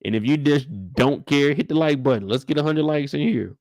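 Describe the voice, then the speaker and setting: A young man hosting a casual livestream recap, animated and profane, often leaping into high exclamations. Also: brisk, no room sound. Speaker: show host.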